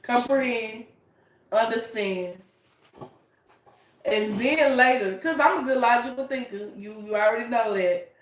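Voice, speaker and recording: A woman's voice: a little high, a little slow, pauses often, slight background noise. A woman co-hosting a casual talk show with her husband, speaking emphatically and teasing him. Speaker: podcast co-host, wife. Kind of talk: casual chat. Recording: echoey room, distant mic.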